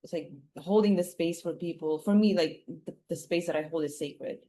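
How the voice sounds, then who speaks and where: A woman's voice: on the low side, normal speed, warm tone. A middle-aged woman, a guest speaking reflectively and rambling, with many fillers and restarts. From Philippines. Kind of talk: reflective casual conversation.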